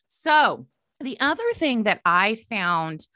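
A woman coach and podcast host giving an animated motivational talk, emphatic and repeating her phrases. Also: medium pitch, slow pace, no room sound, clean studio sound.

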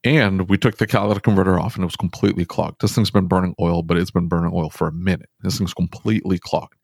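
Male, low register, dry close-mic sound; animated podcast storyteller who restarts often. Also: fast, vocal fry, no echo. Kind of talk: casual podcast conversation.

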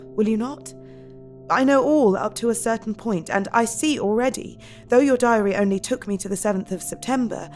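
A woman's voice: a little high, darkish tone, lightly acted. An actress playing a compassionate, resolute young Victorian wife who narrates her journal and pleads earnestly, in an audio drama. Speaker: narrator and character.

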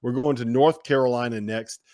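A man's voice: mid-range voice, fairly even intonation, moderate pace, mellow, no room sound, studio quality. A man hosting a sports talk show who steers the chat and argues his points emphatically. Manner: emphatic, imaginative storytelling. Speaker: podcast host. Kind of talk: casual sports banter.

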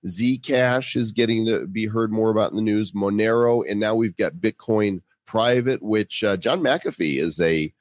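A man's voice: fairly low pitch, measured pace, hardly any pauses, no room sound. Emphatic male podcast host. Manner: emphatic, indignant remarks. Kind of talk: casual chat, reading news stories.

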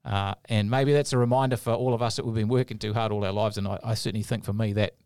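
A podcast co-host with a gravelly, low, slightly mellow voice tells stories casually, rambling quickly in a steady tone with many fillers and restarts. The clean studio recording has no room sound.

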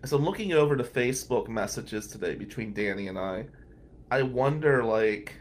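A man's voice: mid-range voice, lively intonation, moderate pace, slight background noise. A man telling a candid, wry personal story as a podcast host, laughing now and then between lines. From New Jersey.

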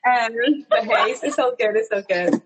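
A woman's voice: on the high side, moderate pace, husky, low-quality recording. A woman therapist from Zambia, a guest on a podcast, chatting in a bubbly, affirming way over a video call. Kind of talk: casual video-call chat.

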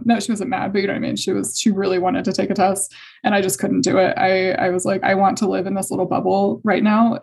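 A young adult woman telling a personal story in conversation, hesitant and emotional, with many fillers and soft laughs. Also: mid-range voice, gravelly, slightly rough. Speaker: guest sharing fertility story.

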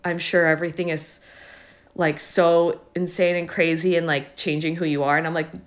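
A young woman with a somewhat low voice talks in a loose, halting podcast chat. She is teary, full of fillers and restarts, and laughs now and then through the tears. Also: flat delivery. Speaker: podcast co-host. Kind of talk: casual chat.

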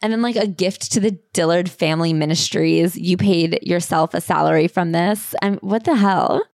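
Woman podcast co-host, lively storyteller who acts out quotes; lowish voice, dry sound. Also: no room sound. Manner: quick, animated retelling with acted quotes. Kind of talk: casual chat recapping a memoir.

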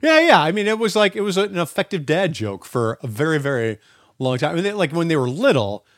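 Lively, profane male podcast co-host. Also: a little high, brisk, no room sound, clean studio sound. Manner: animated storytelling, acting out quotes; swears freely. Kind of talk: casual chat.

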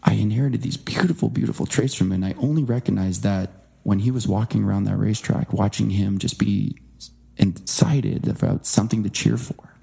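Male interview guest, low mellow voice with some fry, earnest storyteller. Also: fairly quick. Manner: earnest, animated impressions when quoting. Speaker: guest author.

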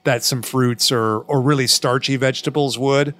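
A man's voice: mid-range voice, normal speed. A man co-hosting a podcast, telling jokes and swearing in casual chat. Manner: joking, profane, animated storyteller. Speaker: co-host.

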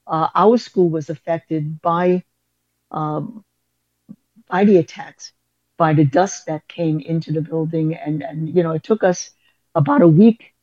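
A woman's voice: sits low, darkish tone, no echo, highs cut off. A woman school principal, telling a story in an interview with many fillers and restarts.

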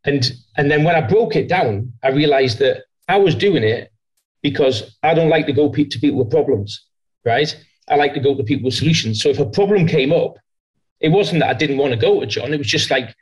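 A man's voice: on the high side, animated, fairly quick, poor audio. A man who is a guest sales leader, telling stories in a podcast interview with many restarts and quoted voices. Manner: rambling, self-reflective storytelling with many restarts; slips into quoted voices and an American impression.

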